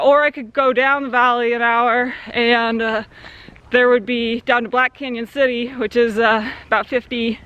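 Bright-voiced woman rambling outdoors. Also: on the high side, muffled recording. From Central Arizona. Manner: relaxed, rambling, many fillers. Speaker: vlogger. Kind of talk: casual outdoor vlog talk. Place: outdoors by a creek swimming hole.

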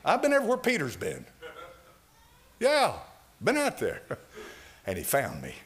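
An older man preaching a sermon in a church, swinging from loud, fervent lines to hushed ones. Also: sits high, wildly swooping pitch, measured pace. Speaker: pastor. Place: church sanctuary.

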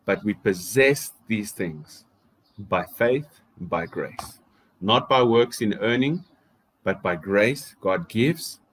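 A man's voice: on the low side, expressive, takes it slowly, slightly rough. A man with a South African accent preaching a sermon, urging listeners with rhetorical questions and repeated phrases.

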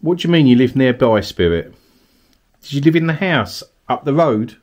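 A man's voice: medium pitch, expressive, normal speed, darkish tone. A man from Kent, a paranormal investigator in an abandoned cottage at night, calling out politely to spirits and coaxing them to answer. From Kent, England. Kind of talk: ghost-hunting narration.

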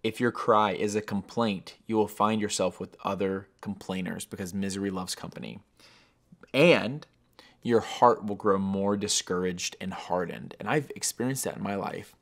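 A man hosts a daily devotional, his voice sitting a touch low. He talks in an earnest, reflective way and grows emotional at times. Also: moderate pace, gravelly. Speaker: devotional podcast host.

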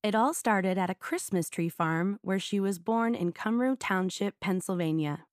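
A woman narrating an audiobook in a clear storytelling manner. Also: medium pitch, moderate pace, no room sound, studio quality. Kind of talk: scripted narration.

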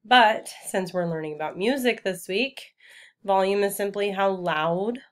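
A woman teacher giving a remote vocabulary lesson to children, speaking clearly and patiently and repeating each word for students to say back. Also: mid-range voice, measured pace.

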